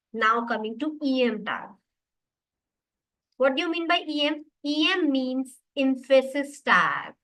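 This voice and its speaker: A woman's voice: high-pitched, pushed and bright, low-quality recording. A woman teaching a web development class online, explaining patiently and repeating her points for the students.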